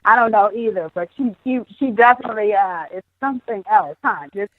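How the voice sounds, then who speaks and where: A woman, a singer guest, chatting casually in an interview, laughing often and talking in quick bursts. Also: mid-range voice, no echo, narrow, tinny audio.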